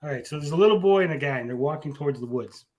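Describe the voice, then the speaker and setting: A young podcast co-host and comedian talks very fast in a high-leaning, animated voice with a slightly mellow quality. His jokes meander, riddled with fillers and restarts, in a casual show.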